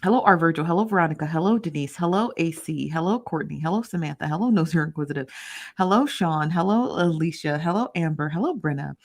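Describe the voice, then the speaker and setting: A woman's voice: low voice, lively intonation, fast. A woman hosting a casual live stream, chatty and playful, greeting viewers by name and tossing in rhetorical questions. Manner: conversational asides and rhetorical questions. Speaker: host of a live gossip stream.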